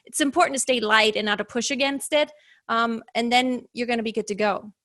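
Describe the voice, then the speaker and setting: A woman host who coaches singers talks in an instructive way, offering advice and cautions. Her voice is bright and a little high. The sound is dry and close, with no room echo. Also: steady tone, a little fast. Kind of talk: interview talk.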